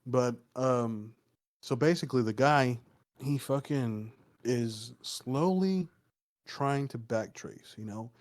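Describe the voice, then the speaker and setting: A man's voice: mid-range voice, slow pace, darkish tone. A man casually telling a folk story on a podcast, swearing often and rambling with lots of fillers. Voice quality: loose, profane, rambling with many fillers. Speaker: podcast co-host.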